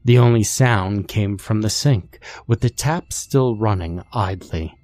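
A man calmly reading a horror story as its narrator, in a measured, steady delivery. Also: fairly low pitch.

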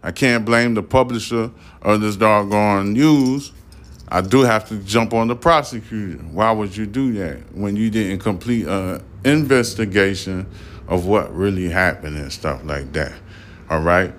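A man's voice: lowish voice, unhurried. A man from talks through the news on his own podcast. His words come out a little slurred. He keeps repeating points and firing rhetorical questions at the listener. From Brooklyn, New York. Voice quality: slightly slurred speech. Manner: repetitive, emphatic, rhetorical questions. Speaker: podcast host. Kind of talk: spoken news commentary.

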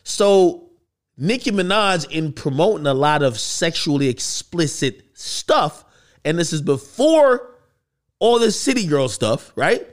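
A man hosting a podcast, giving casual, questioning commentary. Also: a little high. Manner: conversational, questioning, animated. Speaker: podcast host.

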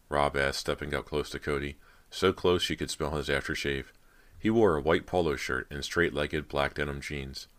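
A man's voice: normal speed, a bit bright. A man narrating a horror audiobook, reading every part himself and raising his voice for dialogue. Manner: reads all parts, lifting pitch and volume for dialogue. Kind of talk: scripted narration.

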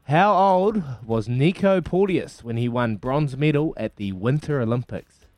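A man with a New Zealand accent hosting a breakfast radio quiz, brisk and matey as he reads questions and counts down. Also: mid-range voice, expressive, darkish tone, dry recording. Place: radio studio. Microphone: studio microphone.

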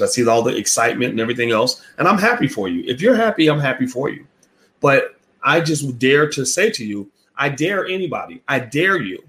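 A man's voice: mid-range voice, a bit bright. A man giving a blunt, profane opinion rant as a finance commentator, repeating himself and daring the listener to prove him wrong. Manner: repetitive, rhetorical, challenges the listener. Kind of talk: direct-to-camera opinion rant.

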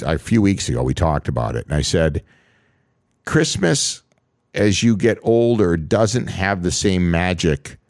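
A man's voice: deep voice, a little mellow, no echo, studio quality. A middle-aged man co-hosting a podcast, talking casually with many restarts and reassuring interjections. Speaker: podcast co-host. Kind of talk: casual chat.

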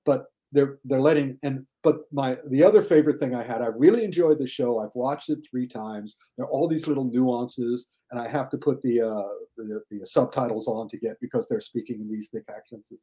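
An older man talking casually as a podcast guest, lively, often mimicking others in high mocking voices. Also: a little fast, few pauses. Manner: animated, mocks critics in high shouted voices. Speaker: guest film critic.

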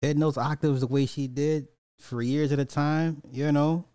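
A man's voice: fairly high pitch, little pitch movement, normal speed, warm tone, clean tone, dry recording, studio quality. A man, reacting to music clips in casual commentary, blunt and petty, drawing out repeated words. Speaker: reaction streamer.

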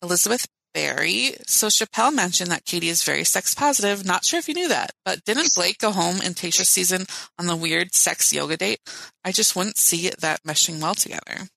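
A woman's voice: fairly low pitch, expressive, a little fast, gravelly, pushed and bright, no room sound, poor audio. A woman co-hosting a podcast, chatting casually and reading out listener questions in a laid-back, giggly way. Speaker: podcast co-host.

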